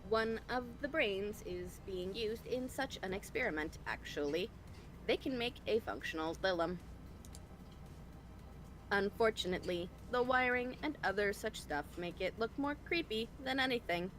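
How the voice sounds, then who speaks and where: A woman performs a lively female brain in a jar with a faintly mechanical voice at an ordinary mid-range pitch. She sounds upbeat, a little flirty and full of energy. The whole thing comes through an online voice call. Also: moderate pace, lightly acted. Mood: chipper. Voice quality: slightly robotic voice. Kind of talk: fan voicing of game dialogue. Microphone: voice call over the internet.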